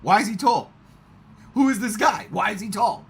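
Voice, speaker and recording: A man chatting casually in a movie review, excitable and swearing often. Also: sits high, moderate pace, gravelly, a little hiss or hum. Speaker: podcast host.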